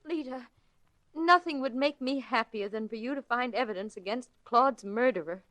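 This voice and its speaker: A woman acting out a kind widow who speaks in a gentle, reassuring way. Her voice is somewhat high and sounds dry and close, in the style of 1940s radio drama. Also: moderate pace, dry recording, close to an everyday voice. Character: gentle, gracious young widow.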